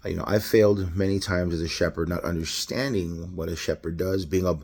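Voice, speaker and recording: A man's voice: sits low, fairly even intonation, a little fast, darkish tone. A man from Los Angeles with a Los Angeles accent, giving a casual, rambling, unscripted devotional talk with many restarts. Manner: casual, rambling, self-correcting, laughs often. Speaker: lay devotional speaker.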